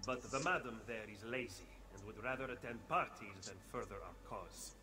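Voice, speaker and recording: A man's voice: lowish voice, normal speed, in a large hall, lightly acted. An actor playing a worried male ally in a game, anxious and complaining about their setbacks. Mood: troubled. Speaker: game character.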